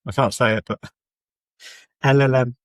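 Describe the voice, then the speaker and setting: A man in relaxed podcast chat, hesitant and apologetic, often restarting his sentences. His voice is a middling pitch and recorded dry and close. He feels his way through each thought rather than speaking in polished lines. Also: moderate pace, no echo. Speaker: comedy podcast co-host. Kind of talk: casual chat.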